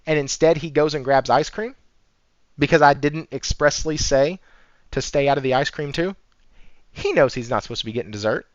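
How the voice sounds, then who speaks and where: A man hosting a casual gaming news podcast, talking in an animated, profane, sarcastic way and laughing often. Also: fairly high pitch, normal speed, dry recording. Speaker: podcast host. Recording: dry, slightly dull audio.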